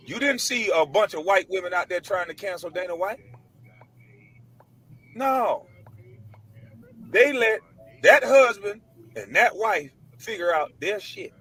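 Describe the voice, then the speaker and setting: A man with a high, sharp voice rants straight to camera in a blunt, preachy monologue. He leans on casual slang and hammers the same points again and again. It sounds like it was recorded on a computer mic. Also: breathy edge, low-quality recording. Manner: emphatic, preachy, repeats his points. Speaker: online commentator.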